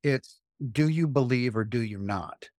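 A man's voice: mid-range voice, a little slow, darkish tone, dry recording, studio quality. A man in his fifties, a guest talking earnestly about spiritual experiences and repeating phrases for emphasis. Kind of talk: spiritual interview talk.

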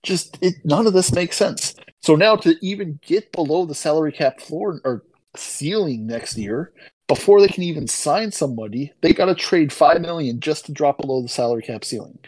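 A man's voice: a little high, expressive, moderate pace, a little mellow, slightly rough, no echo, rough recording. A man co-hosting a sports podcast, talking in an exasperated, incredulous tone. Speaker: podcast co-host. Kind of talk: casual chat.

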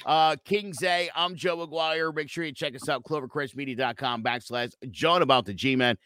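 A man co-hosting a casual sports podcast, animated and jokey. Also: on the high side, normal speed, no echo, studio quality. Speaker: podcast co-host.

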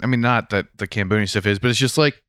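A man's voice: on the low side, fairly bright tone, no echo, clean studio sound. A young man in a casual podcast chat, talking thoughtfully and hedging his points. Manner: thoughtful, hedging, slow and drawn out. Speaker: podcast co-host.

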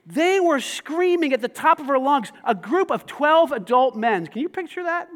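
A man preaching a sermon, animated and conversational, swinging from loud emphasis to quiet asides and asking the congregation questions. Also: very high-pitched, normal speed. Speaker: pastor.

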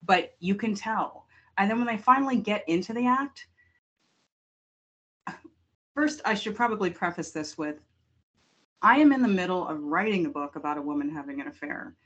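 A woman co-hosting a casual film podcast, telling her views in an animated, expressive way. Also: mid-range voice, normal speed, pauses often, husky, lo-fi sound. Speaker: podcast co-host. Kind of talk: casual discussion.

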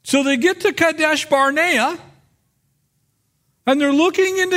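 A male pastor preaching a sermon, telling Bible stories in an animated way and acting out the people in them. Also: very high voice, a little slow, pauses often. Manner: animated storytelling, acts out biblical figures.

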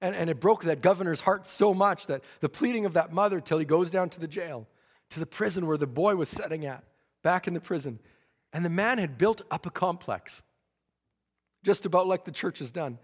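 A man's voice: high voice, a little fast. A man preaching a fervent revival sermon, stammering into restarts and acting out the people in his story. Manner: fervent, stammering restarts, acts out quoted voices. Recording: long church reverb.

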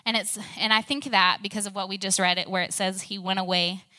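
Young female preacher with a conversational, filler-heavy delivery and a bright tone. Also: medium pitch, steady tone, a little fast. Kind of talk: casual sermon storytelling.

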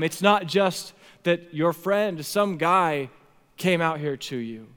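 A man in his thirties preaching a sermon as a pastor, animated, swinging from hushed tones to near shouting. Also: high voice, slow, smooth. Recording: long hall reverb.

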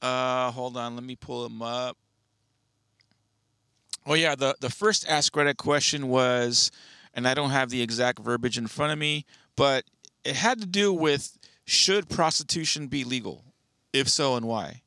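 A man's voice: medium pitch, unhurried, bright, forceful tone, no room sound, studio quality. A man co-hosting a podcast in casual chat, laid-back and hesitant, trailing into fillers. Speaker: podcast co-host.

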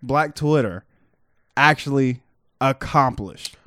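A man's voice: medium pitch, takes it slowly, pushed and bright, no room sound, studio quality. A young man co-hosting a podcast, teasing and needling his friend in casual chat. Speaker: podcast co-host.

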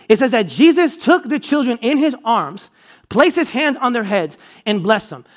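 A man with a very high voice preaching a sermon. He hammers his points through repetition, swinging between loud, driving declarations and low, hushed stretches. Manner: emphatic preaching, rising to forceful repeated declarations; drops low and quiet for weighty points. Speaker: pastor.

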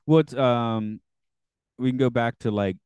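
A man's voice: medium pitch, slow pace, a little mellow, smooth, no echo. A man hosting a podcast, reading show notes and chatting casually in a rambling, hedging way. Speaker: podcast host.

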